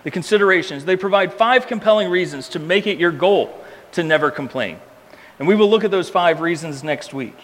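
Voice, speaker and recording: A man preaching a sermon emphatically, repeating key words and slowing down for effect. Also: high voice, expressive, in a large hall. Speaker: pastor.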